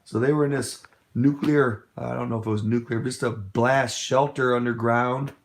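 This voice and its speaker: A man's voice: medium pitch, steady tone, normal speed, a little hiss or hum. A middle-aged man from the United States giving an impassioned political talk, telling a long story in a rambling, emphatic, hesitant way. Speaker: political speaker.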